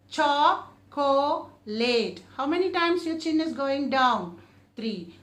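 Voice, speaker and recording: Woman teacher for a children's English lesson, high and lively, drawn-out words, roomy echo. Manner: slow, drawn-out modelling of each word, often repeated; asks the class questions and answers them herself.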